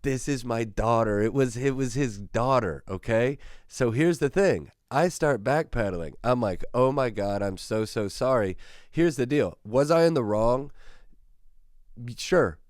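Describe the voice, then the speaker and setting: A man's voice: mid-range voice, animated, measured pace, a little mellow, dry recording, clean studio sound. A man hosting his own show, telling a rambling, self-mocking story that gets him worked up. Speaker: podcast host. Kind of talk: casual storytelling monologue.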